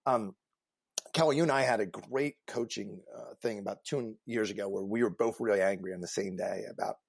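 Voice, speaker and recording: A man co-hosting a casual panel talk as a career coach, earnest and emphatic, growing animated as he tells stories. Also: lowish voice, fairly quick, creaky, dry recording.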